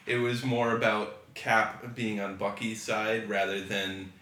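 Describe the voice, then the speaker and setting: A man on a movie review podcast gives his criticisms in a casual, hesitant way, with frequent fillers. His voice sits a bit low but sounds bright. The room adds a noticeable echo. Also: level tone, slow. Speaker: podcast co-host. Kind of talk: casual chat. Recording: roomy echo.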